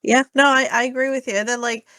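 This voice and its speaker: Podcast co-host: woman, high voice, dry close sound, agreeable chat. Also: fairly even intonation, quick pace, bright, forceful tone, no echo. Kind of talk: casual movie review chat.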